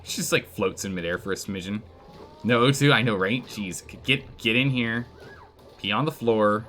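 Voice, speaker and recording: A man giving live commentary on a colony game, animated and exclaiming, pleading with his characters. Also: fairly low pitch, normal speed, faint music behind. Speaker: streamer playing a colony game.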